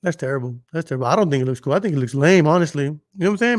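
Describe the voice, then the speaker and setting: Profane, animated Texas podcast host. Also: male voice, on the high side, rapid-fire, dry recording, clean studio sound. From Dallas, Texas. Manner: animated storytelling, profane, acts out quotes. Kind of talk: casual chat.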